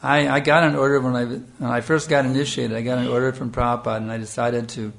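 An older man giving an earnest sermon, telling a devotional story with lively storytelling and frequent fillers. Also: mid-range voice, fast, creaky. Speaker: spiritual teacher.

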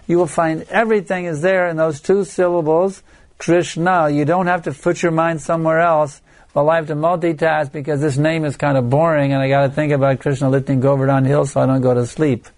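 An older man giving an earnest devotional lecture, exhorting his listeners and sometimes acting out chanting. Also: on the high side. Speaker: spiritual teacher.

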